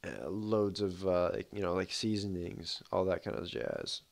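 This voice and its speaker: Male streamer, low-pitched, relaxed, rambling, lots of filler words, casual livestream commentary. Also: a little slow, gravelly. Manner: rambling, filler-heavy, laid-back.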